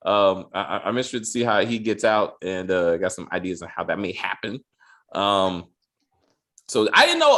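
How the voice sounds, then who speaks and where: A podcast co-host with a mid-range, slightly bright voice chats casually. He's loose and profane, swearing freely, stammering, and repeating his words as he goes.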